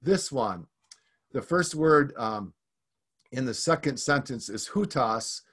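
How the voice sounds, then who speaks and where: Male preacher, mid-pitched voice, church teaching sermon, explanatory delivery full of fillers and restarts. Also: expressive, slow, fairly bright tone, husky.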